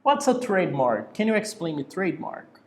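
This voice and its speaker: A man's voice: high voice, sing-song, normal speed, roomy sound. A man teaching an online English class over a video call, patiently repeating key words.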